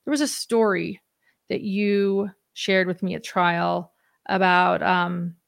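Female show host, gently encouraging interviewer; gravelly, lower voice. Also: steady tone, slow pace. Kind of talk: interview hosting.

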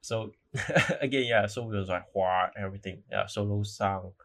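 A man's voice: fairly low pitch, moderate pace, fairly bright tone. A young man hosting a casual solo podcast, rambling, apologizing and correcting himself as he goes. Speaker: podcast host.

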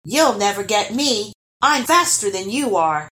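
A woman's voice: deep voice, big pitch swings, normal speed. A woman voicing a wild, cheeky young boy in a storybook, bold and taunting.

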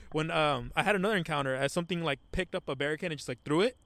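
A young man co-hosting a podcast outdoors at night, rambling excitedly with lots of swearing into a microphone. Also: fairly high pitch, rapid-fire, no echo. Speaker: podcast co-host. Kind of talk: casual chat.

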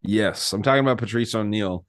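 A podcast co-host with a somewhat low voice telling a story in casual chat. He rambles with many fillers and swear words. The sound is close and dry. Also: brisk, no room sound. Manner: rambling, profane, filler-heavy retelling.

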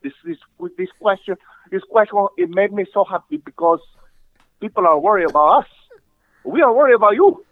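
Man putting on a hammy weepy priest, loud and high, phone-line sound. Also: very fast, hardly any pauses, dry recording, close to an everyday voice. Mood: gushing. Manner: gushing, loud, overwrought. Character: emotional middle-aged male priest, fake accent.

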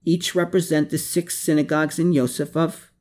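A man's voice: a little high, level tone, normal speed, darkish tone, pitched above the performer's own voice, natural voice. A man reading an audiobook, voicing a male investigator who presses a suspect with pointed questions. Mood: probing. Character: persistent male police investigator.

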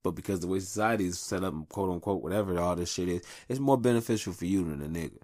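A man in his thirties hosting a podcast, giving casual advice in a blunt, profane, animated monologue recorded at a home mic. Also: low-pitched, fast talker, dry recording, clean studio sound. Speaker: podcast host.

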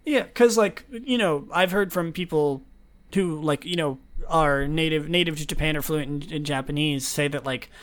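Young guy podcast host, kinda high voice, rambles and trips over words, laughs a lot. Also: normal speed, a bit bright. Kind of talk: casual chat.

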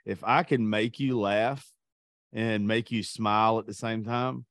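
A man's voice: on the low side, measured pace, dry recording, clean studio sound. A man, a podcast co-host in crude casual chat, telling boastful stories and acting out quotes. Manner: profane, boastful storytelling with animated quoting.

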